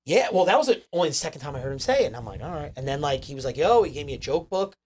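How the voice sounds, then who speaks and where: A man's voice: fairly high pitch, expressive, racing, a little mellow, slight background noise. A man, a comedian guest, telling a rambling, profane story in casual chat. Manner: profane, rambling, lots of fillers.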